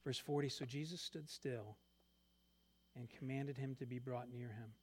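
A male pastor in the middle of a sermon, reading scripture and then pausing to unpack it for his listeners. His voice sits at an ordinary middle pitch, rising and pressing harder on key points before dropping to soft, almost hushed asides. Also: slightly rough. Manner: animated, swings between loud emphasis and quiet asides.

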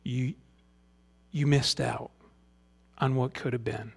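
A man's voice: mid-range voice, fairly even intonation, slow pace, gravelly, breathy edge. A middle-aged man preaching a conversational sermon. He reads scripture aloud and speaks in an earnest, folksy way, with frequent rhetorical questions. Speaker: pastor.

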